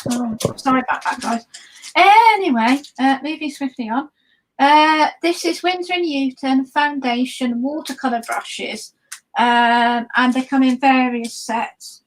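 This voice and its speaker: Chatty high-voiced woman. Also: measured pace, a little hiss or hum, poor audio. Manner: chatty, rambling, frequent ums and restarts. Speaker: guest watercolor artist. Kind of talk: live-stream art demo chat.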